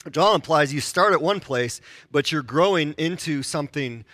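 Bright-voiced man preaching conversationally. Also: on the high side, lively intonation, moderate pace, dry recording, clean studio sound. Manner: conversational and self-deprecating; asks the congregation questions. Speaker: pastor. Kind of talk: sermon.

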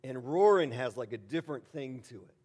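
A man's voice: mid-range voice, lively intonation, brisk, a little mellow, breathy edge. A middle-aged man, a pastor preaching a conversational sermon, casual and rambling with many fillers and sudden emphatic bursts.

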